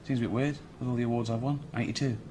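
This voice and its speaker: Male actor as a smug Reading-accented comedy star, mid-pitched and deadpan. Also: rapid-fire, slight background noise, close to an everyday voice. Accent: Reading, England. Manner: deadpan, self-important. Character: vain male comedy star, middle-aged. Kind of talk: sitcom acting.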